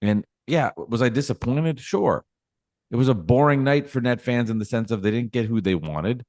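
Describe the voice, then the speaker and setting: A man's voice: medium pitch, lively intonation, moderate pace, darkish tone, dry recording, studio quality. A man co-hosting a sports talk podcast, talking emphatically and ranting about his team's fans. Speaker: podcast co-host.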